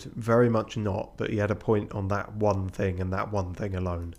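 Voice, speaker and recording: A man's voice: on the low side, little pitch movement, moderate pace, hardly any pauses, a little mellow. A man streaming a game, reading it aloud with sweary, self-mocking jokes on the side. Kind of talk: let's play commentary and narration.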